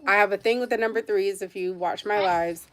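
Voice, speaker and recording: A woman's voice: mid-range voice, fairly even intonation, a little fast, crowd noise. A young adult woman chatting on a livestream, telling a long story in a rambling, emotional way with lots of "like" and asides to viewers. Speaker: livestream host. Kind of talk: casual livestream chat.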